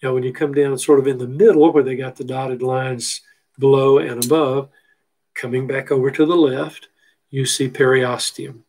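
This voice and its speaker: A man's voice: mid-range voice, little pitch movement, normal speed, a little mellow, low-quality recording. A middle-aged man teaching a biology lecture from a textbook figure, folksy and full of rhetorical questions. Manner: folksy, asks rhetorical questions, repeats terms. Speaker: biology instructor. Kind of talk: recorded lecture walking through a textbook figure.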